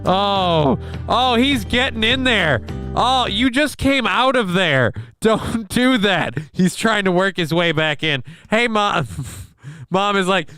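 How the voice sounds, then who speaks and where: A man's voice: sits high, animated, slow pace, bright, forceful tone, clear, resonant tone, no room sound, studio quality, faint music behind. A man hosting a late-night livestream, chatting casually and cracking crude jokes over clips. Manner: crude joking, acts out voices. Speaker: show host.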